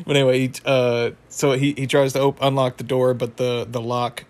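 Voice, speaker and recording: A man's voice: medium pitch, flat delivery, moderate pace. A young man casually recapping a cartoon episode, rambling and correcting himself, chuckling as he goes. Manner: rambling, self-correcting, chuckles, acts out quotes. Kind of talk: casual retelling with impressions.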